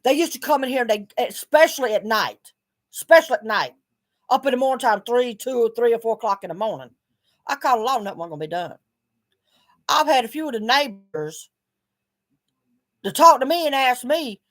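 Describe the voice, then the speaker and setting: Woman, middle-aged, fairly high voice, animated, blunt and cussing, venting to camera. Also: quick pace. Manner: blunt and swearing, frustrated venting. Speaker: vlogger. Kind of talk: video journal monologue.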